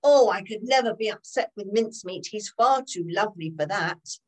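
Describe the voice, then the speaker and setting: Woman as a doting elderly great-grandma, storybook, fond, gentle. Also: mid-range voice, lively intonation, moderate pace, natural voice, rough recording.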